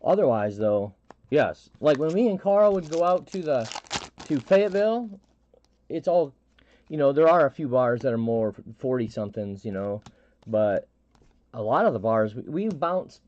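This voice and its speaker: A man's voice: mid-range voice, big pitch swings, darkish tone, dry recording. Rambling middle-aged man, muffled stream audio. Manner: rambling, halting, lots of restarts and fillers. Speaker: live stream host. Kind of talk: casual storytelling chat.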